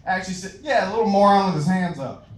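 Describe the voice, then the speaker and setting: A man's voice: sits high, quick pace, slight background noise. A young man from Louisiana with a Southern accent doing a crude, self-mocking open-mic stand-up set, laughing at his own jokes. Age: young adult. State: out of breath. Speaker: stand-up comedian. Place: comedy club stage. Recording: echoey club from a distance.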